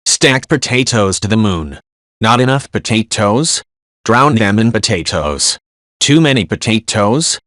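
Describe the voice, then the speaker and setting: Man, low voice, dry close sound, brisk matter-of-fact reading of forum posts. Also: fairly bright tone, no echo. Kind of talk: scripted reading of online posts.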